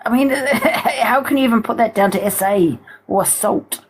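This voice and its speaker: A woman's voice: fairly high pitch, normal speed, slight background noise, rough recording. Woman livestreamer, heated blunt rant, sweary, keeps asking viewers "right?".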